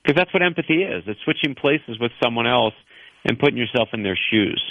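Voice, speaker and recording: A man from New York, an author guest on a radio talk show, telling personal stories in an earnest, animated way. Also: mid-range voice, fairly quick, dry recording, highs cut off. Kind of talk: radio interview storytelling.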